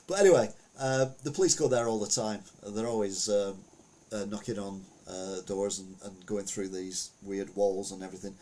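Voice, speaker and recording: Husky chatty man. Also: on the low side, normal speed, warm tone. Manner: rambling, chatty, frequent fillers and asides. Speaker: podcast host. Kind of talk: casual news commentary.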